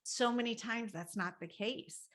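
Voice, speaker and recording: A woman's voice: on the high side, unhurried, fairly bright tone. A middle-aged woman counselor telling a personal story in a candid, rambling way, with many fillers and laughs. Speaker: guest family counselor. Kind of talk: casual podcast conversation.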